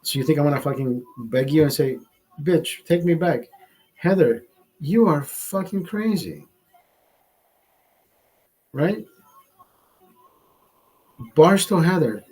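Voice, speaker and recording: A man's voice: on the high side, animated, slow, long pauses, a little mellow, breathy edge, low-quality recording. A man hosting a livestream, telling a story in a heated, profane rant. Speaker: livestream host. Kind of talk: ranting storytime monologue.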